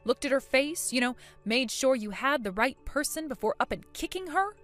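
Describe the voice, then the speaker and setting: A woman doing a calm, weary mother. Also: sits high, moderate pace, faint music behind. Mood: reasoning. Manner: calm, level, patient.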